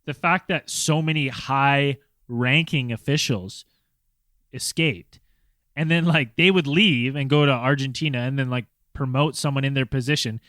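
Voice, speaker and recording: A man co-hosting a casual podcast, reading facts from a list with pauses and fillers. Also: medium pitch, a bit bright, dry recording. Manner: hesitant, reading facts from notes with many fillers. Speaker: podcast co-host. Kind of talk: casual chat.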